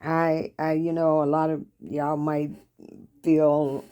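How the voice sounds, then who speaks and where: An older woman, host of her own show and an author, relates stories from her life in a relaxed, folksy and talkative way, with some repetition. Her voice sits low with little pitch movement, a slow pace, and a dark, clean tone.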